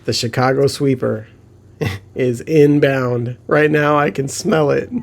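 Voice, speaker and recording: A man giving casual gameplay commentary, excitable, often laughing and swearing when he gets frustrated. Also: medium pitch, takes it slowly, creaky. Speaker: gaming commentator.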